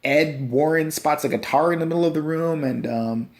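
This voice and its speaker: A man's voice: a little high, normal speed. A man rants through a casual movie review, full of sarcasm and profanity. He mocks the film scene by scene in a loose, conversational voice, recorded on a handheld camera.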